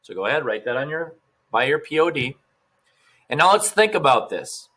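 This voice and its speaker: A man's voice: a little high, big pitch swings, normal speed, sharp tone. A male teacher giving a recorded math lesson, casual and upbeat, talking straight to his students.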